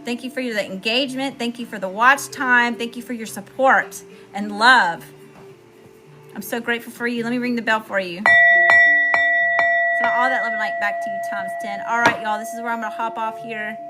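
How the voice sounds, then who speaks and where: A woman from Mississippi hosting a spiritual livestream, giving effusive shout-outs to viewers in casual chat. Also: on the high side, fairly even intonation, normal speed, music in the background. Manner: effusive, warm shout-outs with lots of "y'all".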